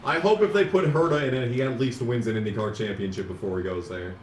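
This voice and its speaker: A man's voice: mid-range voice, quick pace, a little hiss or hum. Sarcastic streamer man, roomy and distant. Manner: sarcastic, ranting, mock auctioneer bits. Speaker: game streamer. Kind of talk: casual live-stream commentary.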